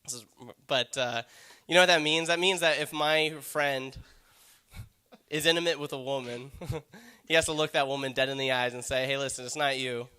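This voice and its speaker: A man performing a stand-up set in a rambling, self-deprecating way, his sentences full of ums and likes. His voice sits a bit high for a man. It has a bright, sharp edge. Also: normal speed, smooth. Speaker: stand-up comedian.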